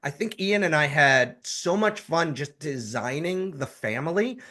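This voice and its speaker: A man's voice: fairly high pitch, lively intonation, unhurried, pushed and bright. A man, a comic writer, telling stories with enthusiasm in a casual interview. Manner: enthusiastic storyteller.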